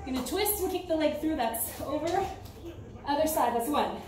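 High-voiced woman coaching a home workout. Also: animated, normal speed, background noise. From United States. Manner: upbeat, counting reps aloud while exercising. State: out of breath. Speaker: fitness instructor. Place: home room with ceiling fan. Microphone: camera some distance away. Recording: roomy, distant from the mic, with music. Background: background music.

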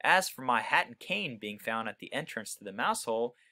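A man voicing a tiny storybook hero with a dry, matter-of-fact wit. The voice is bright and lively in pitch. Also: fairly quick. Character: tiny dry-witted mouse-sized boy.

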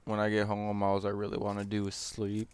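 A man's voice: lowish voice, monotone, a little fast, darkish tone. A young man giving casual, rambling gameplay commentary, full of hesitant fillers.

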